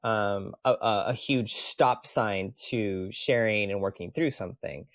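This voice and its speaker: A man's voice: lowish voice, a little slow, dry recording, clean studio sound. A man co-hosting a relationship advice podcast, talking thoughtfully and sometimes searching for the right words. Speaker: podcast co-host. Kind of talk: casual advice conversation.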